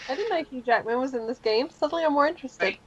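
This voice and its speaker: A woman's voice: sits high, expressive, fast talker, breathy edge, dull audio. A woman playing a tabletop game, chatting casually and laughing with friends. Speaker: player. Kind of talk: casual chat at a gaming table.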